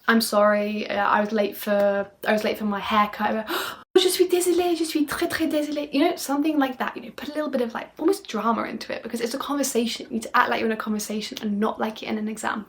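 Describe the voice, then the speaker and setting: Brisk, upbeat woman tutoring with emphasis. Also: on the high side. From United Kingdom. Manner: upbeat and emphatic, often checking in with "okay?"; animated, playing up phrases with dramatic tone. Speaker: French exam tutor. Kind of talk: video lesson monologue.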